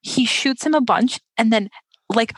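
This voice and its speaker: A young woman co-hosting a casual chat about a film, talking in a chatty, animated way with lots of fillers and laughter. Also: on the high side, a little slow, husky, no echo. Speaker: podcast co-host.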